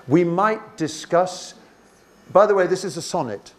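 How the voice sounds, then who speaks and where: A man's voice: high voice, animated, a little slow. A man leading a teacher workshop, reading poem lines aloud and asking the room questions, with many restarts. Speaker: teacher trainer.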